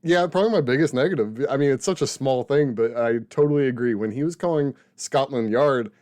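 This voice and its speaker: A man with a brisk, mid-range, darkish voice co-hosts a casual film review podcast as a critic, recorded with no echo. He rambles, corrects himself as he goes and laughs often.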